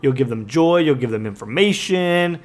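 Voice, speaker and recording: A man's voice: on the high side, animated, moderate pace. A man co-hosting a podcast, bantering with jokes and sarcasm. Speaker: podcast co-host. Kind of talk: casual chat.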